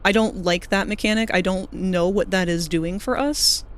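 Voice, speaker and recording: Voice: mid-range voice, fairly even intonation, normal speed, fairly bright tone. A streamer giving casual live commentary while playing, swearing now and then and picking apart game bugs in technical terms.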